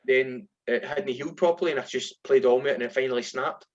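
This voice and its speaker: Scottish ex-footballer telling stories. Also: male voice, medium pitch, quick pace, lo-fi sound. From Scotland. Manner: animated anecdotes, acts out voices in quotes. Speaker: former footballer, guest. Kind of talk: casual storytelling.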